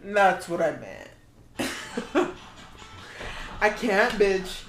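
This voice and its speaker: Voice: medium pitch, sing-song, extremely slow. Profane laughing podcast co-host, echoey room. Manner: crude, profane, laughs often, calls people bitch. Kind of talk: casual comedic banter reacting to videos. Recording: echoey room with loud music behind.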